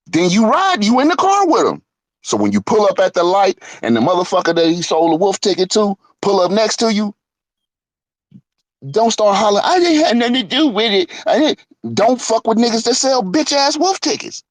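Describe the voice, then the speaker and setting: Middle-aged man, angry profane rant, swinging pitch, dry close sound. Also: no echo. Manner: profane, heated storytelling with mocking quoted voices. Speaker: online show host. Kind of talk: angry monologue.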